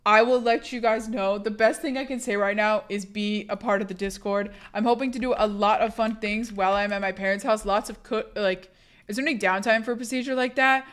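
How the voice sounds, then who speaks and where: Hoarse sick young woman streamer. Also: mid-range voice, steady tone, a little fast, few pauses. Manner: candid, profane, rambling; bursts loud greeting raiders. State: sick, laryngitis. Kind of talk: casual live-stream chat.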